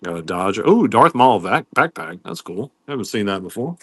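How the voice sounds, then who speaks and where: A man's voice: on the low side, sing-song, moderate pace, vocal fry, a bit bright, slightly rough, no room sound. A man hosting a live-stream pin sale in casual, rambling chat, greeting viewers by name as he goes.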